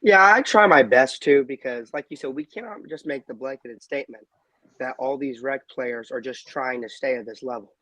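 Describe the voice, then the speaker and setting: A man's voice: medium pitch, normal speed, a bit bright, dry recording. A man co-hosting a podcast, making firm, emphatic points about officiating. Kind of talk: casual podcast discussion.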